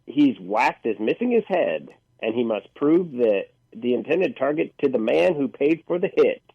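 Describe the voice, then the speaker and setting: A man's voice: mid-range voice, gravelly, no echo, dull audio. A man co-hosting a casual movie review show, reading out a synopsis and then making dry jokes. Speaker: podcast co-host.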